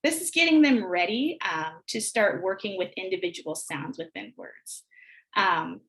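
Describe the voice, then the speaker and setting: A woman's voice: mid-range voice, animated, a bit bright. Woman teaching a video-call workshop. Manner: clear instructional, models words slowly. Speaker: teacher trainer. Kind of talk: online teacher workshop presentation. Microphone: video call mic.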